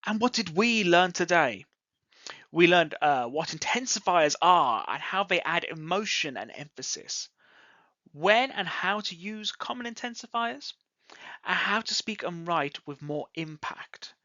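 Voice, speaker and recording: Slow, bright-voiced English teacher. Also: mid-range voice, animated, dry recording, muffled recording. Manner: slow, clearly enunciated teaching delivery. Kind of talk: ESL grammar lesson.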